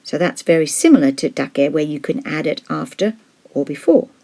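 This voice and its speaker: A woman teaching a language lesson in a measured, explanatory way, slowing down to model example words. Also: sits low, expressive, vocal fry, mellow. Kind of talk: scripted lesson narration.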